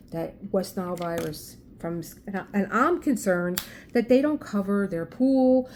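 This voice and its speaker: A woman with a South Philly accent talks casually on her craft vlog and tells a neighbor story in an indignant, emphatic voice. Her pitch sits in a middle range, and she often restarts her words as she pushes her point. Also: animated, unhurried, a little mellow, slight background noise. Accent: Philadelphia. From South Philadelphia. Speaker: craft vlogger. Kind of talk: casual chat, telling a story.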